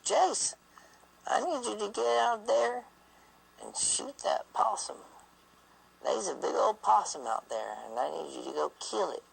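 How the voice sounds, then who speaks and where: A man voicing an elderly great-grandmother with a Southern drawl, calling out in drawn-out, pleading tones. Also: animated, creaky, slightly rough, heavily acted, poor audio. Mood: insistent. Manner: drawn-out, pleading high calls.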